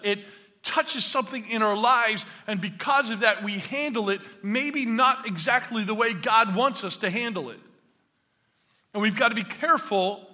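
Guy preaching in a church, high bright voice, jokes about himself then gets loud and fired up, big echoey hall. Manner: storytelling with self-mocking humor, then building to emphatic preaching. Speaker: pastor. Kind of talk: sermon.

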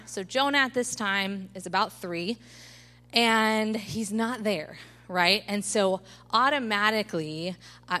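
Woman preacher, 30s, bright and chatty, animated storyteller who keeps asking the room "right?". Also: mid-range voice. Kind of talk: sermon. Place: church service.

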